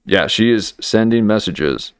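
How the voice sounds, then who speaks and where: A man's voice: on the low side, expressive, a little slow, clean tone, no echo, clean studio sound. A man hosting a livestream and commenting on clips, getting worked up and talking back at the screen.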